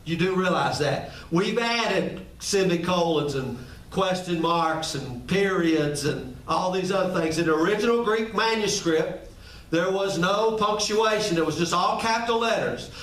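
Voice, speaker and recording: A man's voice: very high-pitched, fairly bright tone. A male pastor preaching a sermon, emphatic and often asking the congregation rhetorical questions. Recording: echoey room, mic at a distance.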